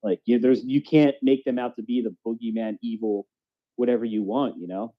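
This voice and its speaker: A man co-hosts a podcast in casual conversation, rambling loosely and frequently asking "you know what I mean." His voice is medium-pitched with fairly even intonation and a slightly fast pace, captured in dull lo-fi audio.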